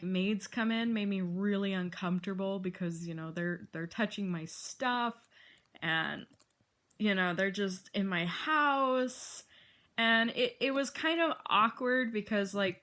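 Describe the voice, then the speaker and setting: A woman's voice: medium pitch, pushed and bright. A young woman vlogging in a rambling, casual way, full of filler words.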